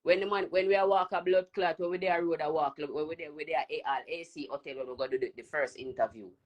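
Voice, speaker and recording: A Jamaican man taunting and ranting loudly on a live stream. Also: on the high side, fairly even intonation, quick pace. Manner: loud, taunting, repetitive. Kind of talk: heated live stream rant.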